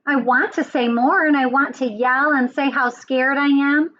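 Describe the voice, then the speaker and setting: A woman voicing a fearful little frog who loses its voice, reading slowly and pleadingly from a storybook. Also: high voice, steady tone, fairly bright tone, lo-fi sound, a little hiss or hum.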